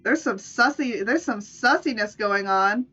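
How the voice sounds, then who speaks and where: A woman's voice: fairly high pitch, measured pace, sharp tone, husky, muffled recording, faint music behind. A woman streamer in playful, casual live-stream chat, laughing often. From United States.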